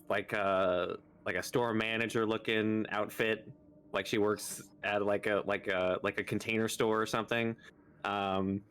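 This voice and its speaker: Tabletop player, a man, low, smooth voice, slow and rambling. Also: fairly bright tone. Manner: rambling, with many fillers. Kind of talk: casual chat in a tabletop game.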